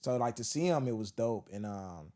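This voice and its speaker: A man's voice: lowish voice, expressive, moderate pace, mellow. A man co-hosting a casual podcast, telling stories and acting out quotes, laughing often. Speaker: podcast co-host. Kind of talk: casual storytelling chat.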